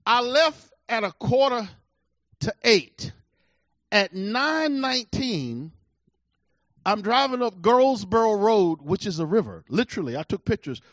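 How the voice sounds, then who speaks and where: Emphatic preacher man, high voice, lo-fi. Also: big pitch swings, moderate pace, no room sound. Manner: emphatic, swings between loud bursts and low asides. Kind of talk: sermon with personal storytelling. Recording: dull lo-fi recording.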